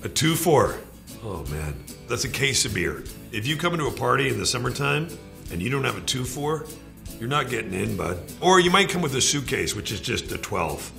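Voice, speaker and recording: A man breezes through slang with a playful, animated delivery that slides into folksy character voices. His tone is bright with a gravelly edge. Faint music sits under the clip. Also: medium pitch, fairly quick. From Canada. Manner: playful, slips into folksy voices for example phrases. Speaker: celebrity in a magazine video clip. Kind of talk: comic explainer of slang.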